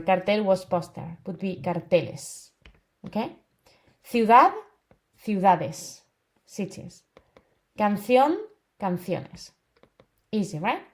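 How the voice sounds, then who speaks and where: A woman's voice: medium pitch, darkish tone. A woman giving an online lesson, patiently repeating words and checking in with "okay?". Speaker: Spanish teacher.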